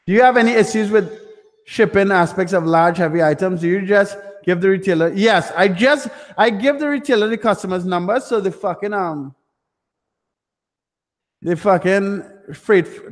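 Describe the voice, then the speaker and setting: A man's voice: high voice, moderate pace, long reverb tail. A young man hosting a live stream Q&A, ranting bluntly and swearing constantly at his chat. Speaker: livestream host answering chat questions.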